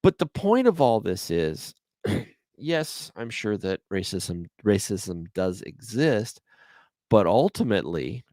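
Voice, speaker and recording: A Canadian-accented man with a lowish voice hosts a solo podcast, rambling through his stories in easy conversation. The sound is dry and close, with no room around him. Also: very animated, slow, warm tone, no echo. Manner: chatty, rambling storyteller. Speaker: podcast host.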